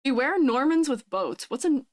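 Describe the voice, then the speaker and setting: A woman's voice: high-pitched, lively intonation, normal speed. A woman in her twenties chatting casually on a live stream, bubbly and giggly as she reads and answers chat. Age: 20s. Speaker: vtuber streamer.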